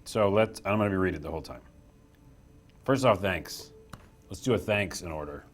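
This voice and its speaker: A man's voice: sits low, brisk, faint music behind. A young man hosting a casual live stream from a small office room, chatty and self-deprecating as he reads the chat aloud.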